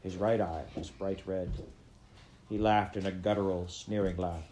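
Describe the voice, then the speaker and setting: A man reads a children's adventure novel aloud, his voice low and mellow. He narrates in a steady, plain way. A faint hiss of noise sits behind him. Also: unhurried. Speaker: reader.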